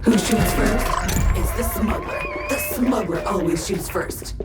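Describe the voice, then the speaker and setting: A woman voicing an upbeat female corporate AI system in a video game, with perky sales-pitch cheer. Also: a little slow, lightly acted. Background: game music.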